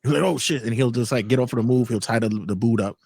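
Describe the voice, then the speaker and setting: A man hosting a casual podcast chat, telling anecdotes in an animated way. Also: mid-range voice, fast, no room sound. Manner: animated storyteller, laughs while telling. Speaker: podcast host.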